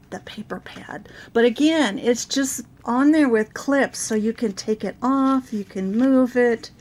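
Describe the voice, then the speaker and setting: A middle-aged woman with a raspy voice from a sore throat, chatting casually through her craft project with many fillers. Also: a little high, darkish tone, a little hiss or hum. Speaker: crafting channel host. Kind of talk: casual show-and-tell craft video.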